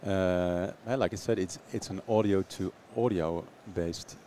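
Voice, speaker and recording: Male founder, very deep voice, halting and hesitant delivery, faint background noise. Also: warm tone. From Netherlands. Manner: hesitant, fillers and repeated words. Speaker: startup founder guest. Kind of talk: interview answers.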